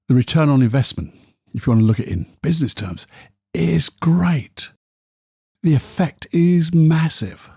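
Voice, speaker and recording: A man's voice: medium pitch, mellow, husky, no room sound, studio quality. A man hosting a solo podcast, telling candid, self-deprecating stories. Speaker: podcast host.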